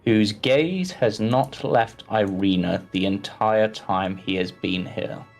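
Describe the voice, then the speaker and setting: A man runs a tabletop game as game master, describing scenes slowly with plenty of hesitant ums. His voice sits a bit low, and faint music plays behind him.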